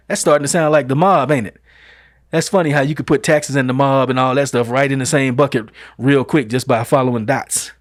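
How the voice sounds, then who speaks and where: A man's voice: mid-range voice, fairly even intonation, a little fast, no echo, clean studio sound. A middle-aged man hosting his show, delivering an emphatic opinion monologue full of rhetorical questions and folksy vernacular. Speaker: show host.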